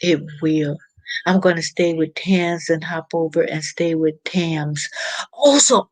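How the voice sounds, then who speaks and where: A woman talks slowly in a low-pitched voice while hosting a casual live stream, reading out what viewers comment. Her chatter rambles, packed with fillers and restarts, and the recording is rough but free of echo.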